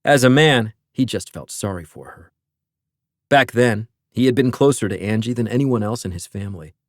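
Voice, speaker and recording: A man narrates a mystery novel in an even, measured voice of middle pitch. He sits close to a studio mic, and the sound is dry, with no room around it. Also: no room sound. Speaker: audiobook narrator. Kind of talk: scripted narration.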